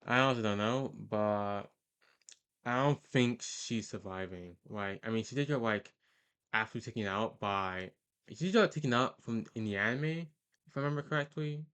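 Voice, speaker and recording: A man with a fairly low, clean and fairly bright voice, speaking at normal speed, hosts a video ranking characters. The tier-list commentary is casual and rambling, full of hesitations, fillers and mid-sentence self-corrections.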